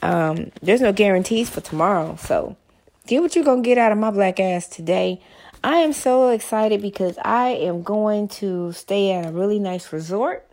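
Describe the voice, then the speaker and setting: A middle-aged woman vlogging to her viewers in a blunt, profane, excitable monologue. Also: medium pitch, measured pace.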